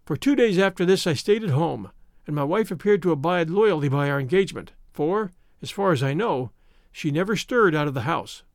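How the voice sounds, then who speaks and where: A man narrating a story in the first person with an expressive, theatrical delivery. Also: fairly high pitch, fairly quick, dry recording, studio quality. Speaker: audiobook narrator.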